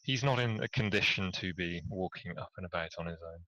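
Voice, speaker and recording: A man speaking in character in a tabletop game, matter-of-fact in tone. His voice is very low yet bright and forceful. It sounds dry and dull, as on lo-fi call audio. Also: fairly quick, no room sound. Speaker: player. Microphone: online voice call.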